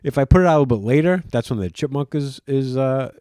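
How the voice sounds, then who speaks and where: A man's voice: mid-range voice, animated, quick pace, warm tone, clean tone, no room sound, clean studio sound. A man with a Long Island accent, rambling loosely as a podcast co-host in casual chat. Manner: chatty, rambling with restarts.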